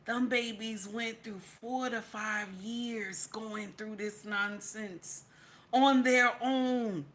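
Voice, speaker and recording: A woman's voice: a little high, fairly even intonation, slow, fairly bright tone, slight background noise. A woman hosting a casual livestream, repeating her phrases for emphasis and reading chat comments aloud. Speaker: livestream reaction host.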